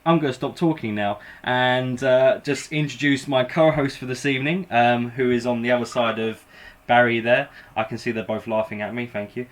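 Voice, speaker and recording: An English man hosts a live paranormal show in a loose, rambling chat. He jokes at his own expense and speaks at an ordinary middle pitch. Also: fairly even intonation, normal speed. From England. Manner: self-deprecating, rambling, joking. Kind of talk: casual live-stream chat.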